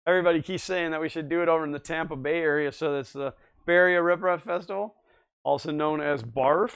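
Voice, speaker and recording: A man's voice: fairly high pitch, steady tone, quick pace, fairly bright tone, clean tone. A man hosting a livestream, chatting casually and reading viewer comments aloud, easygoing and often laughing. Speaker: livestream host.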